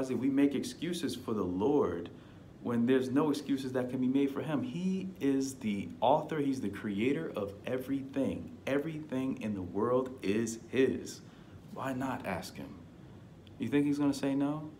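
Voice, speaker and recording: A man's voice: mid-range voice, slight background noise. A man giving an earnest, conversational devotional teaching, lifting his voice to stress key points. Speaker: preacher.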